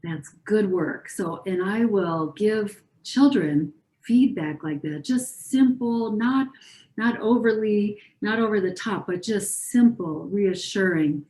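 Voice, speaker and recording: A woman clinician giving an educational talk, speaking calmly and reassuringly and modeling soothing phrases for patients. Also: medium pitch, takes it slowly, roomy sound. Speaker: pediatric clinician presenter.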